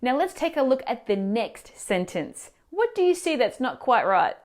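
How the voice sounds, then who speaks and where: A woman teacher explaining grammar mistakes in clear, instructive scripted narration, asking the viewer questions. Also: a little high, big pitch swings, moderate pace. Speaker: language teacher.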